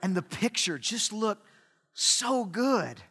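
A man preaching a sermon in a church hall, animated and emphatic with humorous asides. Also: high-pitched, takes it slowly, slightly rough.

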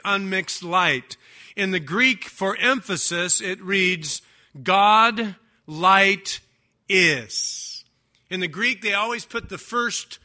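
An older man preaching a sermon, stressing key words slowly and swinging between loud declarations and quiet asides. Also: on the high side. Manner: emphatic preaching, stretching key words, rising and dropping loudness. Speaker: pastor.

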